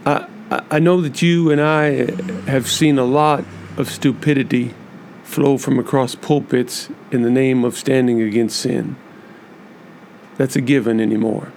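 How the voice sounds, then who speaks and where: A man hosting a podcast, speaking earnestly and emphatically to church leaders in a measured monologue with many repeated lists. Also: mid-range voice, steady tone, a little mellow, a little hiss or hum. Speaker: podcast host.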